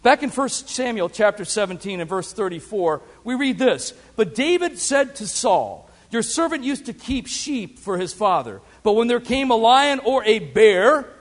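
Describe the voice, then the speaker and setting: A man preaches in a big hall, his high voice leaping and dropping with lively emphasis. Long reverb trails after each phrase. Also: moderate pace, hardly any pauses. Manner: dramatic preaching with big swings in pitch and loudness. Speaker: pastor. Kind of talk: sermon.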